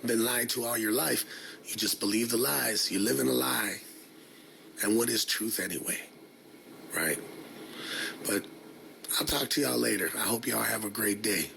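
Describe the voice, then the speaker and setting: Man, low gravelly voice, tired and blunt, musing to camera. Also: moderate pace, pauses often, sharp tone, slight background noise. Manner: weary, reflective, blunt. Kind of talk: vlog monologue.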